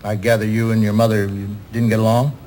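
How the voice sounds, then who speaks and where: An actor playing a calm, gentle divine figure who speaks hesitantly and asks quiet questions, in a 1970s TV drama. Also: male voice, on the low side, fast talker, slight background noise, close to an everyday voice. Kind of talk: 1970s television drama acting.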